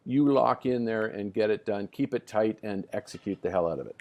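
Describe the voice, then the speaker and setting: A man's voice: fairly low pitch, fairly quick, darkish tone. A man co-hosting a podcast, telling rambling anecdotes with many restarts in a casual chat. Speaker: podcast co-host, former tour player.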